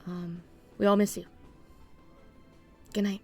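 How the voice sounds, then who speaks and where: A woman's voice: mid-range voice, level tone, takes it slowly, warm tone, soft background music. A woman voicing a sleepy young man woken at night, speaking in a groggy, just-woken voice. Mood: drowsy, kind.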